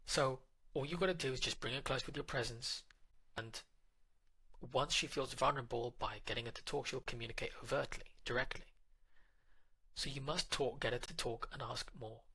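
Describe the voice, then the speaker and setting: Male relationship coach, direct and instructive, bright voice with a husky edge. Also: mid-range voice, normal speed, rough recording. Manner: direct, instructive, addresses the listener. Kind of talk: narrated relationship advice.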